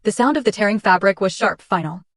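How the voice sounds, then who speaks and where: A woman narrating a dramatic first-person story in a steady reading voice. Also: mid-range voice, fast talker, no room sound, studio quality.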